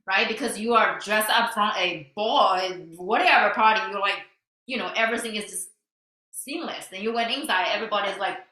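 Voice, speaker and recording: Woman host, bright tone, chatty and easygoing, echoey room. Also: mid-range voice, a little fast. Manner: chatty, frequent soft backchannels. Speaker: podcast host. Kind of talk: casual interview chat.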